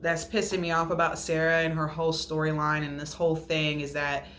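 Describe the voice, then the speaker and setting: A woman's voice: sits low, a little fast. A woman host retelling a reality show episode in a casual, gossipy way, laughing and acting out what people said. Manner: gossipy, animated retelling with mimicked quotes and laughter. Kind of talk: casual recap chat.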